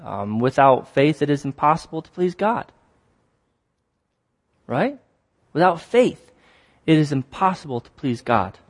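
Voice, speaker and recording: A man preaching a sermon in a voice that sits a little high for a man. He tells stories animatedly, acting out shouts and exclamations, and hammers points home by repeating key phrases. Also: big pitch swings, measured pace, pauses often.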